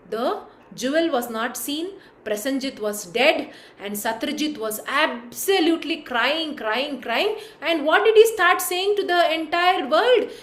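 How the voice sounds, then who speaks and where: A woman telling a devotional story, expressive and often asking her listeners questions. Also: sits high. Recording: echoey room.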